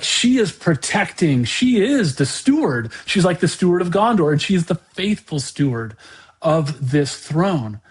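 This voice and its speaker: A man hosting a podcast, talking through an unscripted monologue in a halting way, often repeating words and restarting his sentences. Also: on the high side, darkish tone. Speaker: podcast host.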